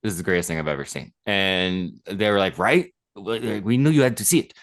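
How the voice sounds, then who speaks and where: A man's voice: low-pitched, a little fast. A man in his thirties, a podcast co-host, chatting casually and telling a story with enthusiasm and lots of fillers. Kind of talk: casual chat.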